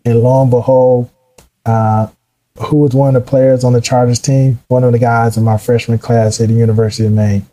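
A middle-aged male guest tells his career story in a casual, animated way, acting out the voices of the people he quotes. His voice is medium-pitched and a little fast, and the audio is poor.

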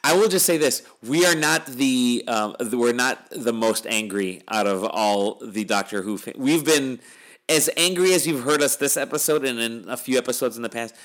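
Speaking at a normal speed in a mid-range, slightly bright voice, a middle-aged man closes out his podcast episode. His casual chat is wry, tired, and meandering.

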